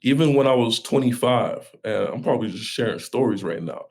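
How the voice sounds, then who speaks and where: A man's voice: medium pitch, lively intonation, fairly quick, darkish tone. A man, a pastor, sharing a personal story as a podcast guest in an earnest, heartfelt way, talking in run-on bursts with many restarts.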